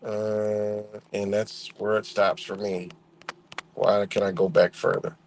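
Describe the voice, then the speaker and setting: A man's voice: lowish voice, level tone, takes it slowly, creaky, a little hiss or hum. A man hosting a live stream, ranting bluntly in profane street talk and greeting viewers in the chat. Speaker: livestream host. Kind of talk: casual live-stream rant.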